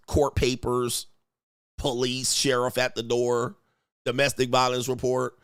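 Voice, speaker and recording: A man's voice: mid-range voice, completely flat delivery, measured pace, fairly bright tone, smooth, no room sound, clean studio sound. A man hosting a livestream, delivering a profane, mocking comedic rant with repeated catchphrases. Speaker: livestream host and dating coach.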